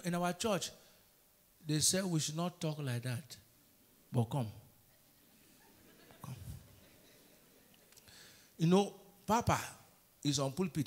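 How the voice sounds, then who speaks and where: A middle-aged Nigerian pastor preaches with emphatic call-and-response questions thrown to his congregation. His voice sits high for a man and rings bright and forceful. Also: lively intonation, fairly quick, long pauses. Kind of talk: sermon.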